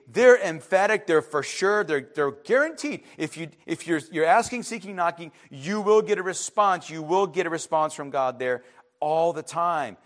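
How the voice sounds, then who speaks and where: A man preaching a sermon as a pastor, emphatic, his voice swinging between loud outbursts and hushed asides. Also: sits high, lively intonation, moderate pace.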